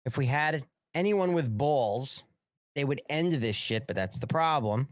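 A man's voice: medium pitch, animated, a little slow, no room sound. Profane, ranting male talk show host. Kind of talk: live-streamed political commentary.

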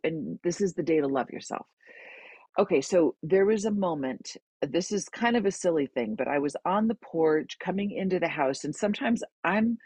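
Middle-aged woman co-host, husky, dry close sound, lively storyteller who can turn soft and soothing. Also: on the low side, no room sound. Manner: animated storyteller, slows to a gentle soothing voice. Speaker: podcast co-host. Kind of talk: casual chat.

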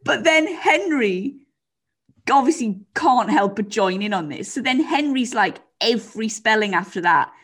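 A woman co-hosting a casual chat, telling family anecdotes in a lively, sweary way. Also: fairly high pitch, a little slow.

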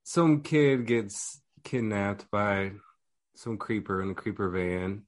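Casting note: low-voiced male podcast guest, laid-back, summarizing movies. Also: animated, slow pace. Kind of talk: casual horror podcast chat.

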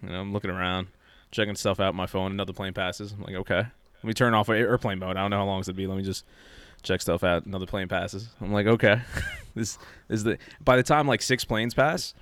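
Low smooth-voiced man telling a story. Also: fast, few pauses, no room sound. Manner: animated storyteller, acts out quoted lines. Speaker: podcast co-host telling a travel story. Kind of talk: casual storytelling chat.

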